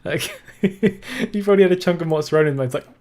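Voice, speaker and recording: A man's voice: fairly high pitch, fast talker, a little mellow. A man giving sarcastic, swearing reaction commentary, laughing often. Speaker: reaction video host.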